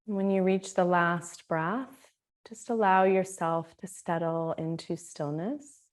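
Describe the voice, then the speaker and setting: A woman teaching a guided meditation, speaking in a slow, soothing, gently inviting way. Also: on the low side, fairly even intonation. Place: Australia.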